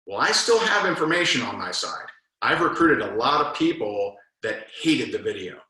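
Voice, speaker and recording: A man runs a casual sales coaching talk in a bright, forceful voice. He tells stories animatedly and plays both himself and his prospects. The sound carries a roomy echo. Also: mid-range voice, normal speed. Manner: animated storyteller, acts out both sides of conversations. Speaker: network marketing trainer.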